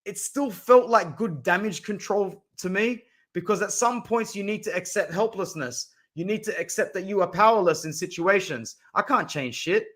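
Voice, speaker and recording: Aussie guy streaming, high voice, rants n swears, calls everyone bro. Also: normal speed. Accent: Australian. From Southwest Sydney, Australia. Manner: animated, swearing, ranting, calls viewers bro. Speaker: football fan streamer. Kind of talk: casual live-stream chat.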